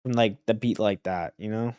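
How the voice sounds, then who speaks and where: A young man livestreaming while making beats, chatting casually and excitably with his viewers, swinging between loud bursts and quiet mumbling. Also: on the low side, normal speed, clear, resonant tone, no room sound, clean studio sound. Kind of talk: casual chat to stream viewers.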